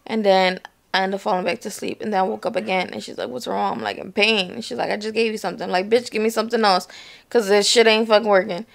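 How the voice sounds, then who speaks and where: A woman's voice: mid-range voice, fairly even intonation, fast, gravelly. A young woman vlogging to camera from home, talking casually in slang and swearing bluntly, worn out and in pain after surgery.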